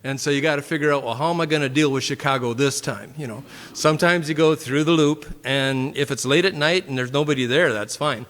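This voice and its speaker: A man with a Minnesota accent telling a personal testimony story in a casual, rambling way, with fillers and frequent throat clearing. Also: a little high, fairly quick, fairly bright tone. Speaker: church member giving a testimony. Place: church sanctuary. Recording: long hall reverb.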